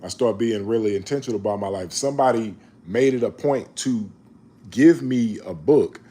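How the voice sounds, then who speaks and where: A man, reading scripture slowly and then talking about it in a casual, emphatic preaching way. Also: on the low side, slightly rough. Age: 40s. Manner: slow measured reading, then animated, emphatic street-talk commentary. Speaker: online Bible reader and commentator.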